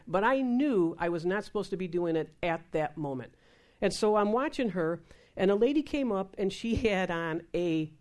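Woman telling a lively faith testimony. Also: medium pitch. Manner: lively, acts out dialogue in quoted voices. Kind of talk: testimony storytelling.

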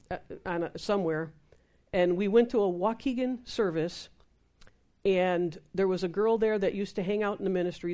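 A woman's voice: fairly low pitch, a little mellow. A woman telling a faith testimony to a group, acting out the quoted dialogue in different voices as she goes. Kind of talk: testimony storytelling.

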